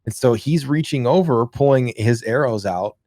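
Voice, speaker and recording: A man co-hosting a podcast, telling a childhood story in a rambling, profane, animated way. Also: medium pitch, moderate pace, dry recording, studio quality. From rural. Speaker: podcast co-host. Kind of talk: casual storytelling chat.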